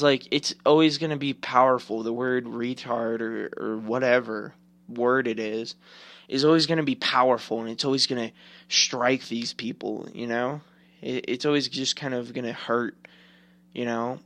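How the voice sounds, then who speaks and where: A man's voice: medium pitch, a bit bright, no echo. Rambling profane young man, dry sound. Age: 20s. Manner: rambling, profane, heavy filler words. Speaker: podcast host. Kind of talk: casual opinion rant.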